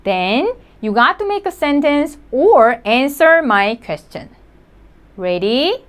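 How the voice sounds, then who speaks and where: A woman teaching a recorded language lesson to learners. Her voice sits a little high and moves through a very wide, animated range. She speaks slowly and patiently, repeating each example word as she goes. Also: clean tone. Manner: slow, deliberate explanations with repeated example words.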